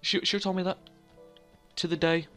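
A man's voice: high-pitched, little pitch movement, moderate pace, pushed and bright, soft background music. A young man casually commentating his gameplay, rambling and joking at his own expense. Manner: rambling, self-mocking, chatty, laughs at own jokes. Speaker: let's play host.

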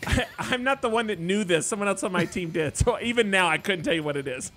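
A man playing in a trivia game, excitable and teasing with blunt opinions. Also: high voice, a little fast, soft background music. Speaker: trivia player. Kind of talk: casual game show banter.

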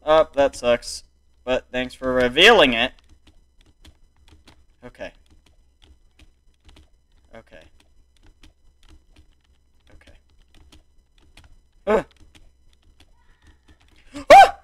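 A young man giving excitable, exclamatory commentary while playing a video game. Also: medium pitch, extremely slow, pauses often, smooth. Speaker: gaming YouTuber. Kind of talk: gameplay commentary.

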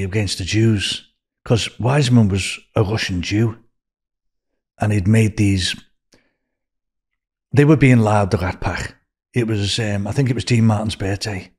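An older man with a Liverpool accent, telling rambling, animated anecdotes as a podcast guest. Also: fairly low pitch, husky. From Liverpool, England. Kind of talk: casual storytelling.

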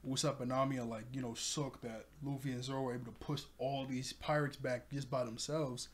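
A man's voice: mid-range voice, little pitch movement, brisk. Chatty man recapping an episode. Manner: chatty, laughing often, rambling with restarts. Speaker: anime review channel host.

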